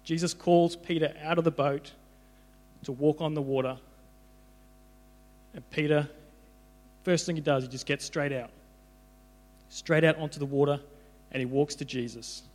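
A man's voice: on the high side, steady tone, unhurried, long pauses, darkish tone. A young man giving an informal sermon, conversational, often repeating his words as he goes. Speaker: preacher. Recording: hall reverb with mains hum.

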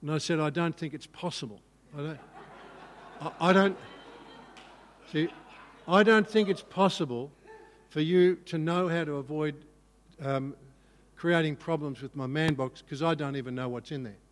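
A male pastor telling a personal story in a sermon, animated and self-mocking. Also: a little high, moderate pace, pauses often, big-room sound.

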